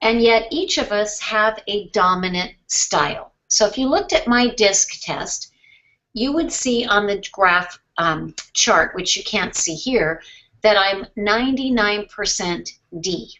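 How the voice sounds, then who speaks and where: Slow, calm woman coaching a webinar. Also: mid-range voice, muffled recording. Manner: calm, question-based, deliberate pauses. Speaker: sales trainer.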